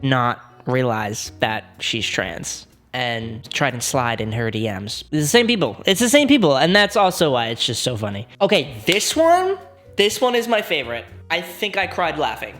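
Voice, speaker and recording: A young man hosting a casual reaction video, laughing often and joking in an animated way. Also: fairly high pitch. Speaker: vlog host.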